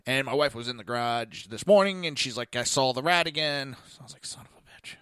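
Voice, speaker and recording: A man's voice: medium pitch, expressive, fairly quick, fairly bright tone, clear, resonant tone, no echo, studio quality. A man hosting a podcast, telling a blunt, profane story in a casual monologue. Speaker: podcast host. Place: lives in Florida.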